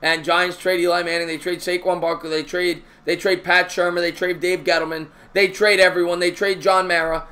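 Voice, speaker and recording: A man streaming his own baseball play-by-play, calling pitches and chatting with viewers in a jokey, excitable way. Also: brisk, few pauses. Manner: excitable, raises voice on big hits. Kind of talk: live-stream baseball play-by-play with chat shout-outs.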